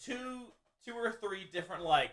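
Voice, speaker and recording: A young man hosting a podcast, telling tour stories in casual chat and breaking into loud laughing shouts. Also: sits high, moderate pace. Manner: animated storyteller, bursts into loud laughing shouts. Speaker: podcast host.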